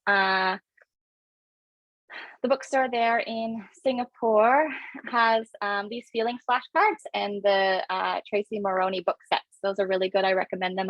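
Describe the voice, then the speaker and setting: Gravelly-voiced woman presenting a parenting webinar. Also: mid-range voice, dry recording, highs cut off. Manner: fast, filler-heavy, friendly instructive. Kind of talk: casual webinar talk.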